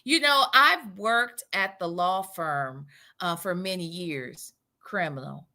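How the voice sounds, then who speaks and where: A halting, awkward woman stumbles through her words in a low, dragging voice, as a woman mimics her. The delivery is slow and hesitant. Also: animated, pushed and bright, heavily acted. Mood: mocking.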